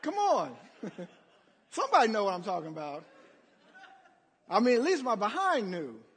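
High-pitched, husky-voiced preacher man. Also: unhurried. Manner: animated, calls on the congregation. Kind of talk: sermon. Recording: long hall reverb.

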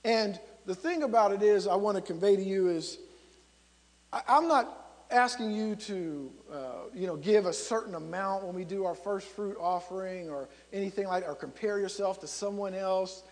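A man's voice: high-pitched, normal speed, long reverb tail. A man preaching a sermon as a pastor, conversational and storytelling, driving points home with emphatic repetition.

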